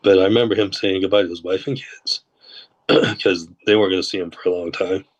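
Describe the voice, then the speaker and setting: A man's voice: sits low, a little fast, muffled recording. A man, a former corrections and undercover officer, telling a long story in a podcast interview and acting out the dialogue. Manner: relaxed anecdotal telling, acts out quoted dialogue.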